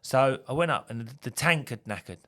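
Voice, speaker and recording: A man's voice: mid-range voice, lively intonation, brisk, bright, forceful tone. Swearing tradesman telling stories. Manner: swears freely, laughs through his stories. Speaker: tradesman on a podcast. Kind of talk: casual storytelling chat.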